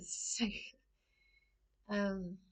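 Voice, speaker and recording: A woman's voice: medium pitch, little pitch movement, extremely slow, husky. A middle-aged woman telling a rambling personal story to camera, anxious and often breaking off mid-sentence. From England. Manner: anxious, rambling, self-interrupting. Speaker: vlogger.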